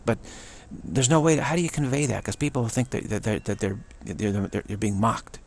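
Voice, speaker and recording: A man's voice: on the low side, animated, brisk. A man giving a solo spoken commentary, rambling earnestly and often repeating and restarting his phrases. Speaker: channel host.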